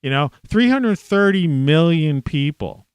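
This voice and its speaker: A man's voice: a little high, lively intonation, measured pace, clean tone, no room sound. A middle-aged man ranting in a rambling, profane monologue, restarting his sentences and swearing often. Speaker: video blogger.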